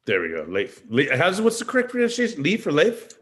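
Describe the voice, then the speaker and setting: A man's voice: fairly high pitch, wildly swooping pitch, fast, fairly bright tone. A middle-aged man hosting a casual live stream over a video call from a rented house, chatty and digressive in an upbeat way. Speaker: host. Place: rented four-story house.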